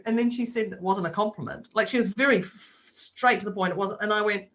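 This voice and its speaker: A woman's voice: mid-range voice, quick pace, few pauses, fairly bright tone. Chatty woman co-host telling a story. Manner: chatty storyteller, acts out quoted voices. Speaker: podcast co-host. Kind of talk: casual chat.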